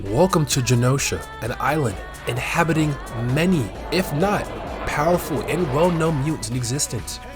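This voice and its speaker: A man recaps a show for laughs in a loose, slangy voice. His pitch jumps around a lot, and he bursts out loudly now and then. Clear background music plays under him. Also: moderate pace. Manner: slangy, animated, swings to loud outbursts. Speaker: recap commentator. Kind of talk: comedic show recap narration.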